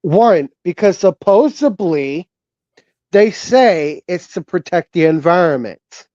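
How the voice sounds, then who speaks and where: Casual chat-show co-host, a man with a slightly high voice, halting and unhurried, on muffled stream audio. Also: animated, darkish tone, dry recording. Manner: hesitant, halting, many fillers and restarts.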